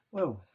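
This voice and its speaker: Rambling man, lo-fi audio. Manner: rambling with frequent tag questions and laughs. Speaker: podcast host telling a story. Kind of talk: casual storytelling. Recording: dull lo-fi sound.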